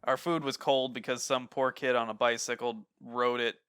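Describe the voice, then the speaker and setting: A man from Ohio hosts a casual podcast chat, and his voice is bright and crisp. He rambles through his points with plenty of fillers and frequent laughs. He is recorded close and dry on a podcast mic at home. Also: medium pitch, level tone, normal speed, no echo. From Ohio, USA. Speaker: podcast host.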